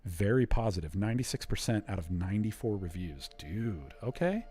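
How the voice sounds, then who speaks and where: A man in his forties, chatting casually and excitably while streaming a game. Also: lowish voice, a little fast, faint music behind. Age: 40s. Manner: chatty, excitable, says dude a lot. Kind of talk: casual gameplay stream chat.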